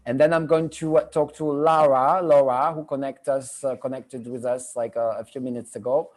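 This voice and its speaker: Through a computer microphone on a video call, a middle-aged Frenchman works as a medium hosting a live show. His medium-pitched voice is steady and darkish, moderately paced, and he rambles chattily, saying things more than once.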